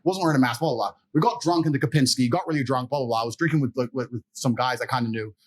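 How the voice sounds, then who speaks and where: A man's voice: mid-range voice, racing. A man telling stories as a podcast interview guest, blunt, profane and boastful, laughing as he goes. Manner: animated, laughs mid-story. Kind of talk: casual storytelling in a podcast interview.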